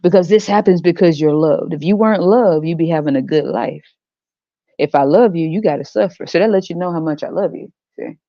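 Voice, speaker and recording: A brash, mocking God, put on by a woman taunts in swaggering slang. The voice sits low and mellow. It is captured on a dull, dry lo-fi home recording with no room sound. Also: brisk, dry recording, lightly acted. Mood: preachy mocking. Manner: swaggering slangy trash talk, teasing and blunt. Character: brash, mocking male God sending a soul to earth. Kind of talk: comedic podcast skit.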